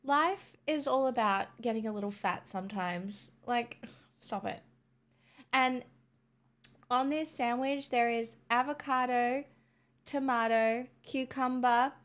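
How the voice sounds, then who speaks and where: A woman with an Australian accent talks casually to her viewers in a high voice. She rambles, swears freely and turns small gripes into mock-dramatic outbursts. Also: fairly bright tone. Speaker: vlogger. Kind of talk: casual chat to camera.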